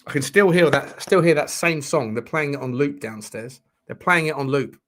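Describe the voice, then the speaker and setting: A man hosting a live football watchalong, reacting to the match in excitable, sweary commentary and shouting at the referee. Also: on the high side, normal speed.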